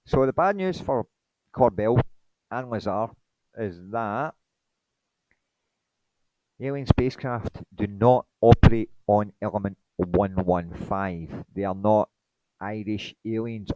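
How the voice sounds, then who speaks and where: Low-voiced, indignant man. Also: takes it slowly, pauses often, mellow, no echo, highs cut off. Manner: indignant, rambling, dismissive. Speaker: presenter. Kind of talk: monologue presentation.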